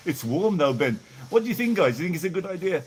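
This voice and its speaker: A man's voice: on the high side, very animated, brisk, a little mellow, a little hiss or hum. Chatty middle-aged Brummie man, rambling. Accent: Birmingham English. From England. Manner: rambling, chatty, laughs often, thanks viewers by name. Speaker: live-stream vlogger. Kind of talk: casual live chat, reading out viewer messages. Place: outdoors in hot weather.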